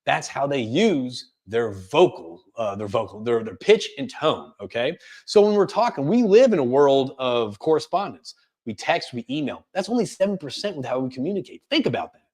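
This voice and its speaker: A man presenting a career coaching webinar, talking quickly and energetically with frequent restarts. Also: mid-range voice. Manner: fast, energetic delivery with many restarts. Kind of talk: webinar talk.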